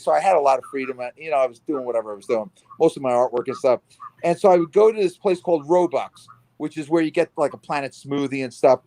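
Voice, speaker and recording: A middle-aged man from New Jersey hosts a loose, casual chat, spinning stories with lively energy and slipping into the voices of the people he quotes. His voice sits a bit high for a man, with a faint hiss of noise under it. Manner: animated storyteller, acts out quoted voices. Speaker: host.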